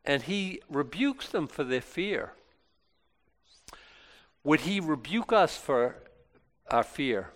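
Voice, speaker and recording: A man's voice: a little high, big pitch swings, slow, long pauses. A male pastor giving an informal Bible talk, chatty and self-deprecating, with many restarts. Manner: conversational, rambling with many restarts; self-deprecating and lightly joking.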